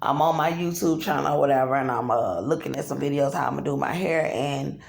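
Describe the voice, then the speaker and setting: A woman filming herself on a phone in a dark motel room, talking in an agitated, profane, repetitive way. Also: very deep voice, brisk, gravelly. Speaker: vlogger. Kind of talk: angry self-filmed monologue. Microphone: phone camera. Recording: echoey room.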